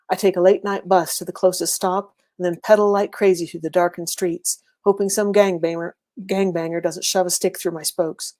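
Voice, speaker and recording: A woman reading a first-person serialized story aloud in a steady, wry, conversational way. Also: mid-range voice. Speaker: reader.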